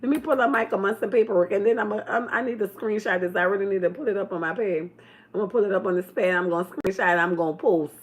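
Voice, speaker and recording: Woman host, casual livestream commentary, loud swooping delivery. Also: fast. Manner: animated, swooping pitch, loud bursts.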